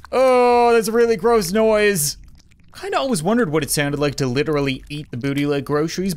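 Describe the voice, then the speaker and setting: A woman gamer giving playful, jokey commentary over a video game, with sudden squeals and giggles and muttering through puzzles half to herself. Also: lowish voice. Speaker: let's play gamer.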